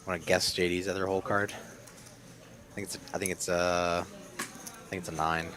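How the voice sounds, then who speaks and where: A man co-commentating a live poker game, relaxed and analytical, breaking down the hands. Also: low voice, moderate pace. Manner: relaxed, analytical, laughs easily. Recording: crowd noise behind.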